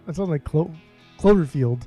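A man's voice: fairly high pitch, lively intonation, moderate pace, mellow, soft background music. A young man co-hosting a casual beer review, rambling in a laid-back way and cracking crude jokes. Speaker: podcast co-host reviewing beer. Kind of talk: casual chat.

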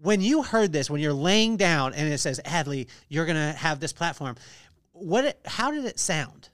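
A man's voice: a little high, lively intonation, normal speed, fairly bright tone, dry recording, studio quality. A man hosting a podcast, asking questions in a playful, teasing way. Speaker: podcast host. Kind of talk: casual interview talk.

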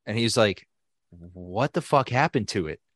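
A young adult man co-hosting a podcast, telling a story in a casual, animated way, swearing freely and acting out what other people said. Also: lowish voice, a little slow, dry recording, clean studio sound. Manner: animated, profane, acts out quoted people. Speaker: podcast co-host.

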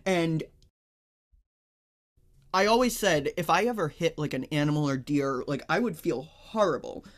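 A man's voice: on the high side, lively intonation, measured pace. A young adult man co-hosting a podcast, telling things in a blunt, wry, matter-of-fact way in casual chat. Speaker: podcast co-host.

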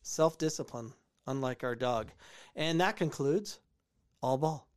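This US podcast host reviews soccer clips at medium pitch and a measured pace, with a little hiss or hum in the audio. He offers casual, opinionated takes, repeating phrases to drive points home.

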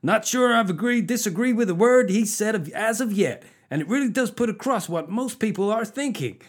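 A man doing an overeager American male fan, all put-on twang and lifted pitch. The read is broad and mocking, every phrase pushed a little too hard. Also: lively intonation, fairly quick. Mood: gushing.

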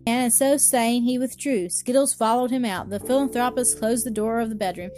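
Woman reading a bedtime story, steady pace, fairly high voice, soft music under it. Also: normal speed. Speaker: narrator. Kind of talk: storybook narration.

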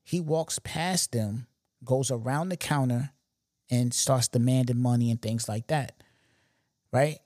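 A man's voice: mid-range voice, unhurried, no echo. A young man talks through a story on his podcast in a loose, emphatic and slangy way, often turning to the listener with asides. His voice sits in an ordinary middle range. The recording is dry, with no room sound. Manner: animated, slangy, emphatic retelling with repeated asides. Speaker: podcast host. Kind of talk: casual storytelling monologue.

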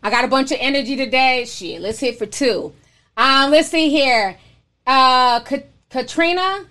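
A woman's voice: sits high, unhurried, pushed and bright. A young woman hosting a casual livestream, reading viewer messages aloud and chatting frankly with some profanity. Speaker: livestream host.

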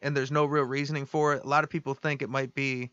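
A man's voice: mid-range voice, flat delivery, quick pace, bright, forceful tone, smooth, dry recording, muffled recording. A man co-hosting a podcast, casually telling a history story with swearing and laughs. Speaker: podcast co-host. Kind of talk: casual chat.

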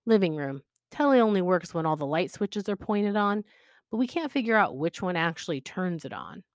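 A woman's voice: lowish voice, animated, moderate pace, no room sound, clean studio sound, lightly acted. A woman reading aloud the lines of a cheerful, chatty young man proudly showing off his run-down house. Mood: upbeat. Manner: upbeat, chatty.

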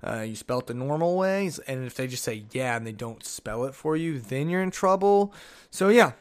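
A man's voice: medium pitch, animated, normal speed. A man hosting a solo podcast, chatting casually and rambling through old notes with jokey asides. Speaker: podcast host.

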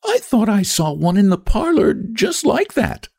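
A man reading aloud and voicing a sharp, curious older woman in a pinched falsetto. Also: wildly swooping pitch, measured pace, gravelly, slightly rough, full character voice.

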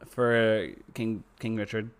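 A man co-hosting a podcast in casual chat, excitable, swearing and trailing off mid-sentence. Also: fairly low pitch, takes it slowly, smooth. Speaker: podcast co-host.

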